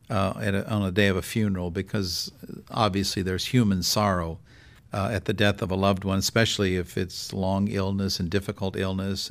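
A middle-aged man who is a bishop, reading a gospel passage in a measured way and then reflecting on it with pauses and fillers. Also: sits low. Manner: measured, with pauses and fillers when speaking freely. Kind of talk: scripture reading and reflective discussion.

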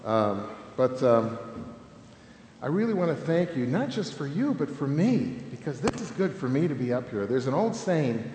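Animated man, echoey hall. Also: medium pitch, moderate pace. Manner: animated, humorous, keeps adding "okay?". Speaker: speaker at a Catholic family ministry conference. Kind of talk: conference talk with stories. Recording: echoey hall with long reverb, faint noise.

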